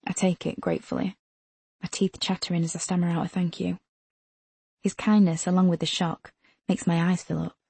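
A woman reading a first-person novel aloud as an audiobook narrator, in a measured, tense storytelling manner. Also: lowish voice, little pitch movement, creaky, mellow, slightly rough, no room sound.

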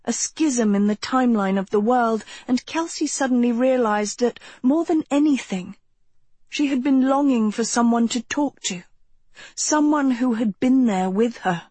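A woman reading a novel aloud as an audiobook narrator, in a gentle, measured storytelling manner. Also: fairly high pitch, husky, no room sound. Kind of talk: scripted narration.

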